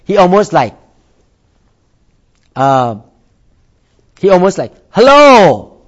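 Man, pastor, sermon, slow, slightly high voice. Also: expressive, a little mellow, highs cut off. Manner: slow deliberate preaching, repeats for emphasis.

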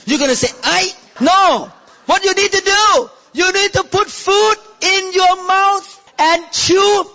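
A man preaching a sermon as pastor, animated and exclaiming, often breaking into laughter. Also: extremely high pitch, slow. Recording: reverberant, dull lo-fi hall recording.

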